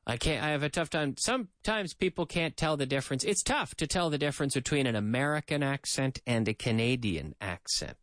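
A man's voice: mid-range voice, lively intonation, a little fast, hardly any pauses, fairly bright tone, no room sound. A man hosting a chatty radio English lesson, explaining phrases and bantering with a co-host. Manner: chatty, mixes in translated explanations, talks to co-host. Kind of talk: lively radio language lesson.

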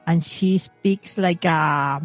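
A speaker in a casual chat talks slowly and hesitantly, searching for words as a language learner. Soft music plays faintly behind. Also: medium pitch. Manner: slow, hesitant, halting phrasing.

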